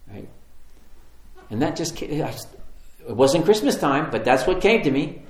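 A man delivering a sermon in a relaxed, chatty storytelling style, repeating phrases for emphasis. His voice sits at an ordinary middle pitch. The sound carries a noticeable roomy reverb. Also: normal speed, a little hiss or hum. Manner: animated, conversational storytelling with repetition. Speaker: pastor.

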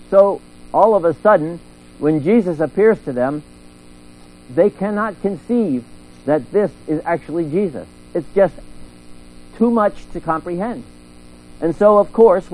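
A middle-aged man preaching a sermon in a church, telling a story with lively acted-out voices. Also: on the high side, low-quality recording. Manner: animated storytelling, acting out voices.

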